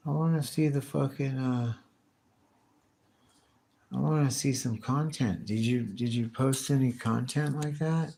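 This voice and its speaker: A man's voice: mid-range voice, slow, creaky, pauses often, mellow. A man live streaming, chatting casually with his viewers and answering their comments in a rambling, slang-heavy, profane way with many restarts.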